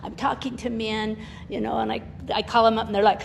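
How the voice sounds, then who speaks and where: A woman's voice: a little high, level tone, a little fast, creaky. Older woman sharing her story in a hall. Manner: candid, emotional, laughs often, acts out quoted voices. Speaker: guest speaker at a recovery meeting. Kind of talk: personal testimony talk. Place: meeting hall. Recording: reverberant hall with faint noise.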